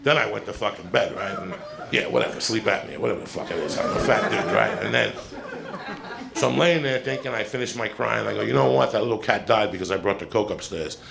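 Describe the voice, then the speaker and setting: A man's voice: lowish voice, brisk. A man doing stand-up, telling a long story in a blunt, profane, conversational way. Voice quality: gravelly. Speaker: stand-up comedian. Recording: played clip with steady background noise.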